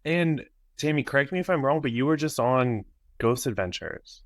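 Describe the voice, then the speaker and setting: A podcast host asking a guest short questions in a casual interview. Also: male voice, mid-range voice, lively intonation, moderate pace, dry recording, clean studio sound. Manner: brief supportive replies.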